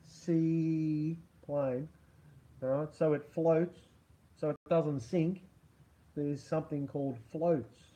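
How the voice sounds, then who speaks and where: Man, middle-aged, livestream host, husky, fairly high voice, sarcastic, rambling, swears a lot. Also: dark tone. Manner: profane, rambling, laughs often; sarcastic about media. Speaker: livestream host reading chat. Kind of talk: casual livestream chat.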